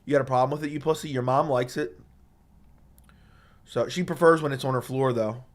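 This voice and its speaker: Speaking briskly at a medium pitch with fairly even intonation, a man on a live stream reads out viewer comments. He has a sore throat and keeps things casual but blunt, cursing as he trash-talks chat over a studio dynamic mic.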